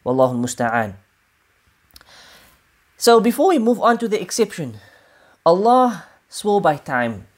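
A woman giving a religious lesson, explaining scripture in a measured way and repeating key points for emphasis. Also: on the low side, big pitch swings. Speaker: Quran teacher.

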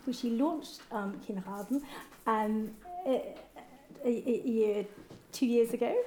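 A woman's voice: fairly high pitch, takes it slowly, dark tone. Echoey British woman moderating a panel. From Britain. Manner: hesitant, many ums and restarts. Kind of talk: moderating a live panel talk. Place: event venue, live audience. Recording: echoey event hall with faint noise.

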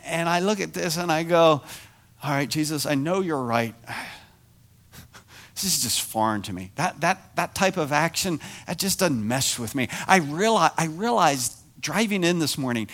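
A middle-aged man preaching a sermon as pastor, animated and self-deprecating, moving from quiet confession to near shouting. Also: fairly high pitch, moderate pace.

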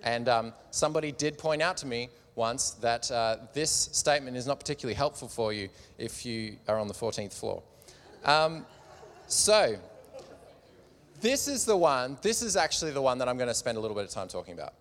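A man's voice: medium pitch, big pitch swings, normal speed, a bit bright, a little hiss or hum. A man preaching casually to a live audience in a large room, joking as he goes, with a slight cough. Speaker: preacher at a church gathering. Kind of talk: sermon with audience participation. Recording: long hall reverb.

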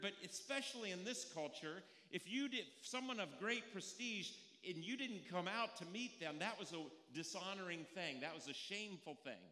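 In a church sanctuary, a male pastor with a bright, high-pitched voice preaches a sermon. His style is conversational storytelling laced with rhetorical questions, and the hall's long reverb makes everything echo.

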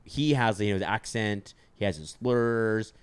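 A man's voice: on the low side, measured pace, smooth, dry recording. A man hosting a podcast, chatting casually in a rambling, jokey way with lots of fillers. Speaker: podcast host.

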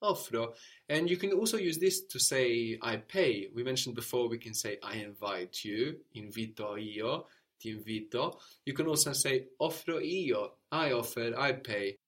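A man's voice: mid-range voice, a little slow, fairly bright tone. A man teaching a language lesson, patiently prompting his student and repeating each answer.

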